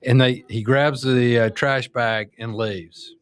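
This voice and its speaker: A man, co-hosting a podcast and telling stories in a lively, animated way. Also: medium pitch, slow, smooth, no room sound. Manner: animated storyteller. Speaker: podcast co-host. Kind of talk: casual chat.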